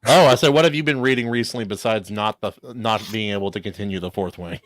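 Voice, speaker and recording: A man's voice: lowish voice, fairly even intonation, fast, no echo, studio quality. A man hosting a casual stream chat over voice chat, rambling with restarts and easy laughs. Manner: chatty, restarts and trails off, laughs easily. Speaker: stream host.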